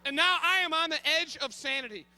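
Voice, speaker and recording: A man in his thirties telling a comic story on stage, animated and frantic, bursting into shouts. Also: extremely high pitch, fairly quick. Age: 30s. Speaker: comedian.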